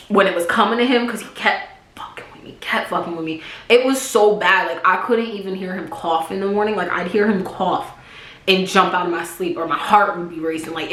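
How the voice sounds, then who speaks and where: A young woman telling a storytime vlog in a casual, profane way, acting out loud quotes. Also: fairly low pitch. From Pennsylvania, USA. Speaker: YouTuber. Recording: echoey room.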